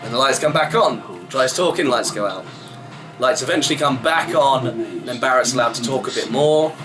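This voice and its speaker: Vlogger, mid-pitched male voice, chatty show recap, music bed underneath. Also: expressive, normal speed. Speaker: wrestling reviewer. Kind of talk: casual review vlog. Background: background music.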